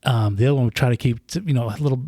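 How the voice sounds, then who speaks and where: A man appears as a guest on a podcast, racing through a casual, rambling chat full of restarts and repeated words. His medium-pitched voice is mellow, and the close-mic recording is dry and studio quality.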